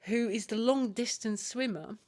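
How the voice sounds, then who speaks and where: A woman co-hosting a podcast in a higher register. She teases her co-host and giggles often, keeping the chat loose and playful. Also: measured pace, darkish tone. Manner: teasing, giggly. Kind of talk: casual chat.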